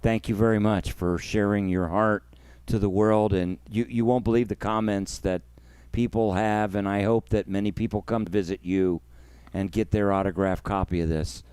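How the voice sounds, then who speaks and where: Smooth-voiced emotional man hosting a livestream. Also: on the low side, steady tone, normal speed, dry recording. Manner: emotional, effusive, thanks viewers warmly by name. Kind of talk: casual livestream chat.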